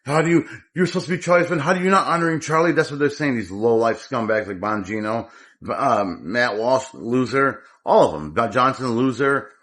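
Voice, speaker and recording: Male commentator, mid-pitched, furious and profane, rambles and restarts mid-sentence. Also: a little fast, fairly bright tone. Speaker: political commentator. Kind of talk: angry political rant.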